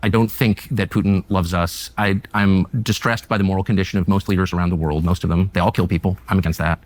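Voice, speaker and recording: Man, heated debate, quick pace, sarcastic pushback. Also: low-pitched, fairly even intonation, no echo. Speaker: interviewer.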